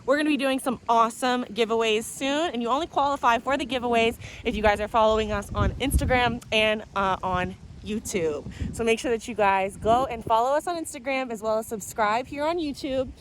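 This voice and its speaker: Speaking a little fast with few pauses, a woman with a slightly high voice hosts an animal vlog against a noisy background. She's upbeat, talks directly to viewers, and coos baby talk at the puppies.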